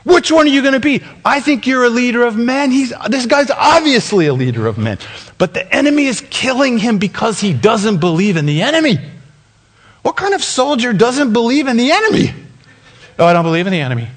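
A male pastor preaching with a high, bright voice that swoops up and down. He tells the story in a lively way and acts out each side of the conversation, laughing now and then. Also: fairly quick. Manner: animated, acts out dialogue with laughs. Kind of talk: sermon storytelling. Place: church sanctuary.

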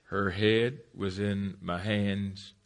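A man in his forties preaching an energetic sermon with comic stories, laughing often and shouting at the peaks. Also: on the low side, very slow.

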